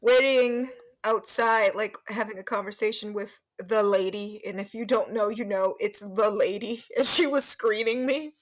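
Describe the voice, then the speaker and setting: A woman co-hosting a podcast, telling stories casually with a wry, deadpan manner. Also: mid-range voice, moderate pace, poor audio. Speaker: podcast co-host. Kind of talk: casual chat.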